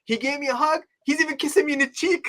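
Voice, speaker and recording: A man's voice: very high-pitched, fast talker. A middle-aged man, an Orthodox priest, telling a personal story in an interview, acting out the people he quotes. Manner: animated storyteller, acts out quoted voices.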